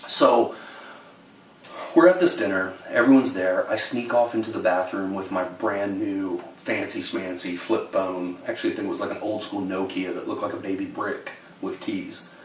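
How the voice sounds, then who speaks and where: Wry, low-voiced male storyteller, roomy. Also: fairly even intonation, moderate pace, distant mic, slight background noise. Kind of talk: comic storytelling to camera. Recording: roomy, away from the mic.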